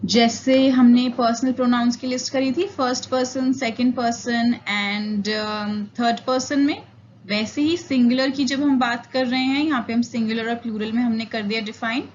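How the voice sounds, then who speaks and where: A woman's voice: fairly high pitch, fairly even intonation, racing, highs cut off, slight background noise. A woman with an Indian English accent giving a classroom lecture on English grammar, explaining patiently and switching between Hindi and English mid-sentence. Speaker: English olympiad teacher.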